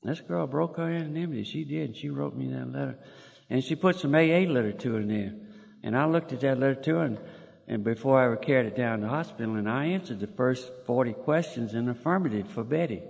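A man's voice: mid-range voice, animated, fast, vocal fry, darkish tone, breathy edge. An older man, telling a personal story in a folksy way, chuckling and restarting as he goes. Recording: long hall reverb.

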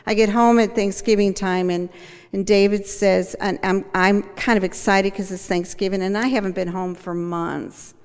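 Casting: older woman, gravelly, candid testimony style, reverberant hall. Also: medium pitch, fairly even intonation, moderate pace. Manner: candid storyteller, acts out quoted voices. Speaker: speaker sharing her recovery story. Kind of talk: personal testimony.

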